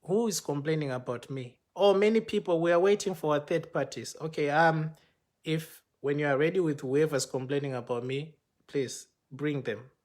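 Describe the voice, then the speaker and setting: A man telling his own story live over a phone, his voice sitting a little higher than most men's. He plays out the exchanges he recounts, rising and quickening when he quotes others. It is a casual, unscripted account. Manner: animated retelling, acting out quoted exchanges. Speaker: pastor. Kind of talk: personal storytelling on a livestream. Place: home, speaking to a phone for a live video. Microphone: phone microphone.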